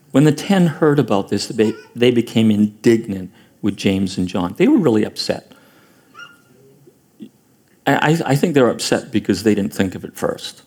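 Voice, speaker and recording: A man's voice: fairly low pitch, expressive, normal speed, darkish tone. A man preaching a sermon as pastor, earnest, often repeating words and restarting phrases.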